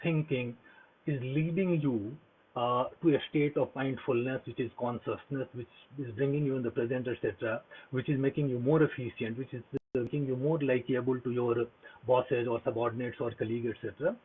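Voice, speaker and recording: A man's voice: medium pitch, fairly even intonation, a little fast. A man giving an earnest motivational talk on mindfulness, repeating himself with many fillers and restarts. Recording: husky voice over a tinny phone-like line.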